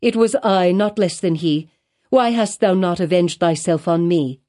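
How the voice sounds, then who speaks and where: A woman playing a sorrowful but firm young woman in an audiobook. She speaks in earnest, old-fashioned phrases with a warm, mellow tone. Her manner is pleading and resolute. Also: lowish voice, measured pace, natural voice. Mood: anguished. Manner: earnest, pleading, archaic speech. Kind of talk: audiobook character reading.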